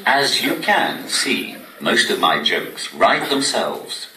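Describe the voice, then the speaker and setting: A posh synthetic male computer voice delivers stand-up comedy in a slow, deadpan manner. It sits low and swings widely in pitch. The recording is roomy and distant, with heavy noise underneath. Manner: deadpan, evenly paced machine delivery. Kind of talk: stand-up comedy delivered through a text-to-speech voice. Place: cinema venue on stage before a laughing audience. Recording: echoey room, distant mic, loud noise.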